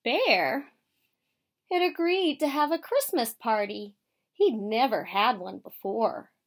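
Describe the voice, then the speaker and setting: A woman teacher reading a picture book aloud to children and asking them questions in an expressive storytelling manner. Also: fairly high pitch, a little slow.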